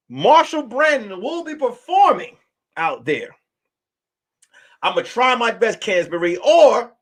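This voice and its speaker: Man, high voice, swings all over, casual vlog chat, loose and animated, comedian talking to viewers. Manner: loose and animated, bursts into song and mock voices. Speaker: comedian and vlogger.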